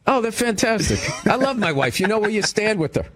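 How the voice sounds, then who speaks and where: A man's voice: high-pitched, big pitch swings, fairly quick, very noisy. A man as a talk show guest, talking in a sarcastic, blunt way. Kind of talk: casual chat.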